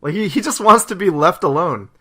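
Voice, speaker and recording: A man's voice: high-pitched, animated, a little fast, pushed and bright, slightly rough. A young adult man co-hosting a podcast, chatting casually, upbeat and teasing, laughing often. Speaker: podcast co-host. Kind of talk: casual chat.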